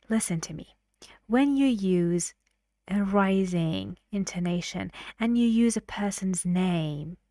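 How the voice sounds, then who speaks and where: A woman explaining intonation in an English lesson, patient and clear, sometimes dropping to a whisper. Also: medium pitch, a little mellow, no echo, studio quality. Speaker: English teacher.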